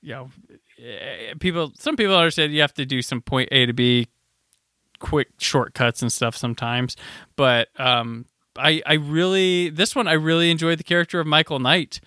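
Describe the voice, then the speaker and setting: A man co-hosting a podcast, relaxed and rambling as he recaps the episode. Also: a little high, moderate pace, smooth, no echo, studio quality. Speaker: podcast co-host. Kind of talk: casual chat.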